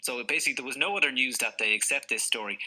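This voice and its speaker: A football journalist telling lively anecdotes in a podcast discussion. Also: male voice, medium pitch, very fast, poor audio. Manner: animated anecdotal storyteller, acts out voices.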